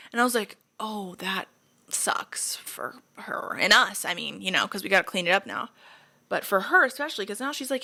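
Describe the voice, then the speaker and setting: A young woman hosting a casual podcast, telling college roommate stories in a chatty, animated way, swearing freely and acting out quoted lines. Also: medium pitch, creaky. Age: young adult. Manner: acts out quoted lines with voices. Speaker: podcast host. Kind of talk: casual storytelling chat.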